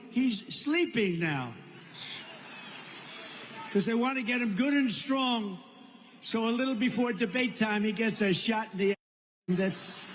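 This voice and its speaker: Older male politician, digressive mocking delivery, high-pitched, long reverb. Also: a bit bright. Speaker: politician speaking at rallies and on a podcast. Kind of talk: rambling rally speech and podcast chat. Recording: roomy reverb with faint background noise.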